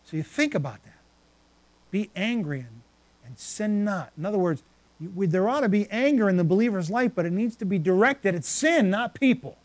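A man's voice: sits high, lively intonation, fast talker, dry recording. A man preaching a sermon, reading scripture passages aloud and then stopping to reflect on them.

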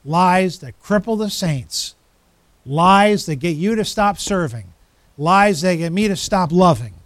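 High-voiced emphatic male preacher. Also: lively intonation, unhurried, dry recording. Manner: emphatic preacher, repeating phrases with rising intensity. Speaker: pastor. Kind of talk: sermon.

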